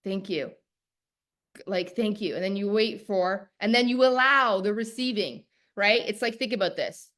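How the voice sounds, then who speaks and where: A woman's voice: mid-range voice, moderate pace, hardly any pauses, fairly bright tone. A woman coach teaching a live online masterclass in an emphatic, preacher-like cadence, repeating key phrases and talking straight to her viewers. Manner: talks directly to viewers.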